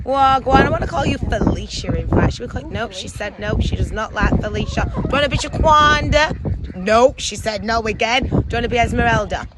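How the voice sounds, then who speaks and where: High-voiced playful woman in roaring wind. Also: animated, a little fast. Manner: playful, chatty, coos at her pet chicken. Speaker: pet owner. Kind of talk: casual outdoor vlog chat. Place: outdoors in strong wind. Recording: loud wind noise on the mic outdoors.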